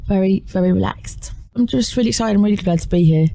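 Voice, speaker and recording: A woman, a singer chatting as a radio interview guest, telling rambling stories with sudden jumps in pitch. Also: fast, gravelly, no echo. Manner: animated, rambling storytelling with lively pitch jumps. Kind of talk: casual interview chat. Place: radio studio.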